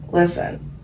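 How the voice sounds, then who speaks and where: A woman's voice: a little mellow, slight background noise, rough recording. A woman vlogger channeling late at night at home, rambling dreamily and giggling between thoughts.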